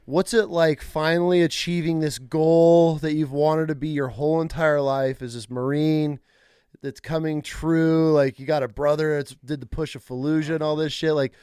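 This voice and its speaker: A man hosting a podcast, asking questions in relaxed, slangy casual chat. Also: a little high, smooth, dry recording, studio quality. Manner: relaxed, slangy, quick to laugh. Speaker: podcast host.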